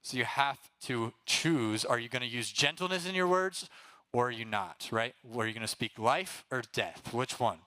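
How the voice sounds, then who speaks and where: A young man preaching to a youth group in a casual, energetic way, often checking in with the room and getting them to call out answers. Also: mid-range voice, moderate pace, no room sound. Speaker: youth pastor.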